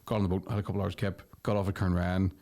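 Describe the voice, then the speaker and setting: A man's voice: low voice, little pitch movement, rapid-fire, gravelly, warm tone. A man with a Northern Irish accent, a comedian co-hosting a podcast, telling a rambling story and checking in with "right?" at every turn; he sounds tired.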